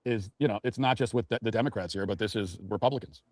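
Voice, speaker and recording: Male pundit, rapid indignant rant, dead-dry studio mic. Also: fairly low pitch, no room sound. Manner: indignant, mocking, ranting. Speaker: political commentator. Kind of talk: heated political commentary.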